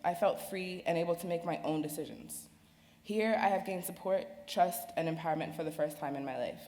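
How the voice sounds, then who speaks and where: A young woman reading a personal speech at an event, slow and earnest. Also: on the low side, a little mellow, slight background noise. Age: young adult. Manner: slow, earnest, halting delivery. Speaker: speaker sharing her story. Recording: reverberant hall with faint ambience.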